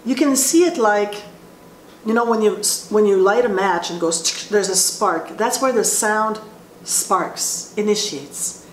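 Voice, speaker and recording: A woman voice teacher explaining vocal placement in a slow, halting way, often restarting her sentences. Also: medium pitch. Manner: explains slowly with frequent restarts. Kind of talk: instructional talk with sung demonstrations. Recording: roomy echo with faint ambient noise.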